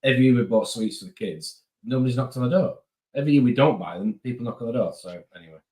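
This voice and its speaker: A man hosting a casual live stream, chatting quickly and greeting viewers by name. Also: medium pitch, dark tone, slightly rough. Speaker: host.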